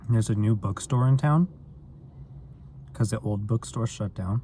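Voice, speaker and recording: A man's voice: fairly low pitch, a little slow, dark tone, a little hiss or hum. A man vlogging in a rambling, self-deprecating casual chat, full of filler words.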